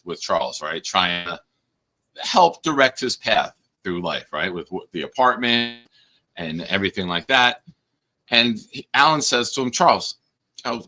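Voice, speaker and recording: A male host with a lowish, forceful, bright voice. He tells everyday stories with animated energy and laughs easily at his own punchlines. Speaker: podcast host. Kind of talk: casual chat and anecdote.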